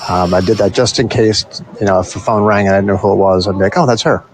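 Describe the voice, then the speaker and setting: A man casually telling a story in a voice note, animated and swearing freely, from the United States. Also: fairly low pitch, fast, slight background noise, rough recording.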